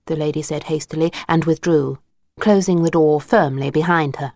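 A woman narrating a children's storybook, expressive and unhurried. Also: deep voice, dry recording, studio quality.

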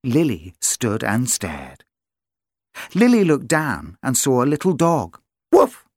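Animated storybook reader, sing-song lilt. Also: mid-range voice, takes it slowly, slightly rough, no room sound, studio quality. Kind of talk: children's story read-aloud.

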